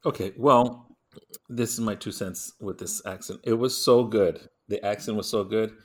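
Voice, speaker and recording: A man co-hosting a casual movie review podcast, talking in an animated, emphatic rant. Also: lowish voice, normal speed. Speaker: podcast co-host.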